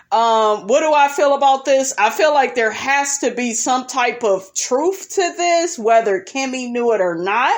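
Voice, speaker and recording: Sassy woman doing a gossipy reality show recap, kinda high voice, blunt and cussing, lots of honey and okay. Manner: profane and blunt. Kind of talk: casual commentary recap.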